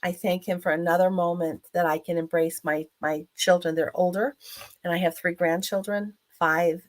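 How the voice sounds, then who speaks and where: A woman's voice: fairly low pitch, steady tone, moderate pace. A woman in her fifties, an author and speaker giving a motivational talk online, telling her story earnestly with many fillers.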